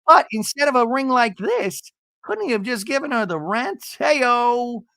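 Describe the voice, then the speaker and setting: A man doing a high sing-song reality-TV woman. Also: big pitch swings, unhurried, gravelly, bright, forceful tone, dry recording, exaggerated voice. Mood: gushing, cheeky. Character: bubbly reality-TV woman gushing and joking. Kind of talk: comic impression in a podcast recap.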